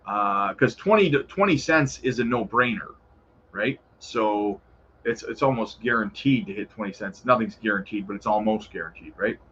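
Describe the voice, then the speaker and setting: A man's voice: fairly low pitch, moderate pace, fairly bright tone, husky, highs cut off. A man hosting a casual crypto livestream, answering viewer questions in a laid-back, chummy way and calling viewers brother. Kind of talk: casual live chat reading viewer questions.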